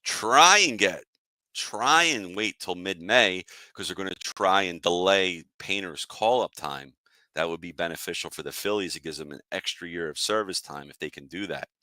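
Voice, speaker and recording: A man's voice: deep voice, normal speed, sharp tone, no echo. Fired-up man ranting about sports. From Philadelphia area. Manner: annoyed, fired-up, talks to chat viewers. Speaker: sports podcast host. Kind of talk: casual sports rant.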